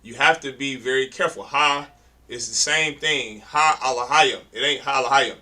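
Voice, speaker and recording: A man's voice: mid-range voice, moderate pace, pushed and bright, rough recording. A man teaching a class to read Hebrew, correcting students and stressing pronunciation in a colloquial way. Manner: emphatic, corrects readers, colloquial. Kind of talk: classroom instruction.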